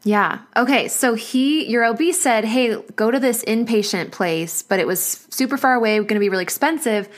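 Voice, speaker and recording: Woman, postpartum coach hosting a podcast, effusive, warm, chatty interview. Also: on the high side, moderate pace, few pauses. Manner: warm, effusive, gets emotional. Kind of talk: casual interview chat.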